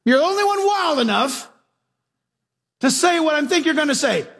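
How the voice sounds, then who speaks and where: A man's voice: very high voice, expressive, moderate pace, a bit bright, pitched above the performer's own voice, exaggerated voice. A man voicing the apostle Peter as a big, burly, impatient fisherman, speaking eagerly and boldly.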